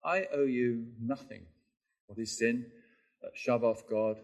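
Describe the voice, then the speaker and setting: A man's voice: mid-range voice, measured pace, natural voice. A man voicing a defiant, ungrateful person who waves off any debt or duty. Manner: dismissive, defiant.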